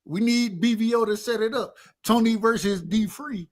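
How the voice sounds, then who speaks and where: A man's voice: sits high, normal speed. A man on a boxing talk panel, hyped and stammering, repeating words as he pushes for a debate. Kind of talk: excited panel banter.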